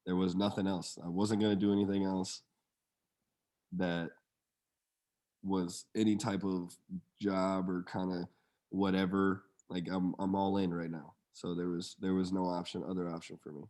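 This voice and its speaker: A young man with a very low voice talks in a laid-back, slangy way. His delivery stays flat and even, with little rise and fall. He is a guest on a casual podcast, telling his own story. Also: normal speed. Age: young adult. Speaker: guest, pro football player.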